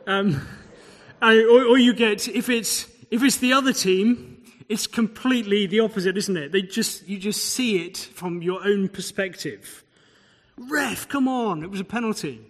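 Male preacher, conversational expository sermon, slightly raised pitch, long echo of a hall. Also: fairly even intonation, a little slow. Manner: expository, conversational asides, rhetorical questions.

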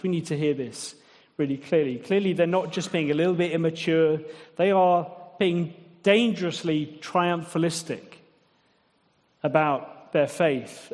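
A man delivering a sermon, chatty and wry, tossing rhetorical questions to his listeners. His voice sits a little higher than most men's, and a long reverb trails each phrase as in a large hall. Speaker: preacher.

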